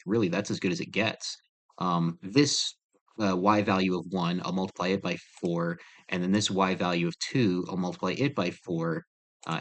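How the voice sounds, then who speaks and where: Male math teacher, slightly low pitch, relaxed chatty walkthrough, self-deprecating asides. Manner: chatty, self-deprecating, thinks aloud with fillers. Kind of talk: casual screen-recorded math lesson.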